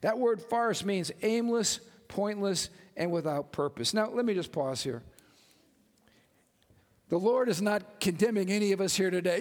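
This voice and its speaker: A man preaching a lively sermon as pastor, joking and calling out to his congregation. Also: high voice, measured pace, long reverb tail. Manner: animated, joking, calls out to congregation.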